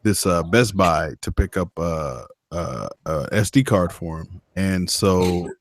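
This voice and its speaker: A man with a somewhat low voice tells long, meandering stories in casual conversation. He swears freely and restarts his sentences often. The sound is dry and close, with no room around it. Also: takes it slowly, no room sound. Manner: rambling, profane storyteller. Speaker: motovlogger. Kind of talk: casual chat.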